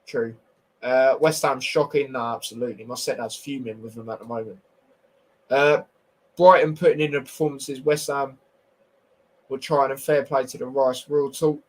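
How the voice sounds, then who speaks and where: A man's voice: medium pitch, steady tone, moderate pace, poor audio. A young man hosting a casual football review stream, blunt and opinionated with slangy banter. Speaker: football podcast host.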